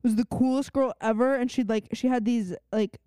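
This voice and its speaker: A young woman with a high voice co-hosts a podcast in loose, chatty talk. She rambles with enthusiasm, filling her sentences with "like." She is recorded dry and close to the mic. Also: steady tone, normal speed, warm tone, clean tone, no echo. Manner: chatty, full of "like" fillers, enthusiastic. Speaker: podcast co-host. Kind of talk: casual chat.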